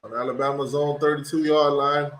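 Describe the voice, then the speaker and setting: A man hosting a watch party, giving casual play-by-play commentary and getting loud and excited on big plays. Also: a little high, fairly quick, echoey room, rough recording.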